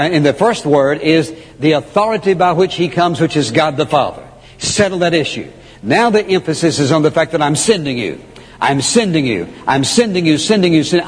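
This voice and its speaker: A man preaching a sermon, emphatic and repeating key phrases, slowing down to read scripture. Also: a little high, husky. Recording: long hall reverb.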